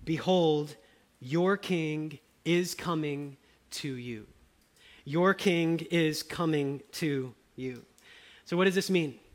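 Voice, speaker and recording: A man preaching a sermon, repeating key phrases and slowing down to stress them. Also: on the high side. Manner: emphatic, repeats key phrases, rises and slows for emphasis. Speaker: pastor.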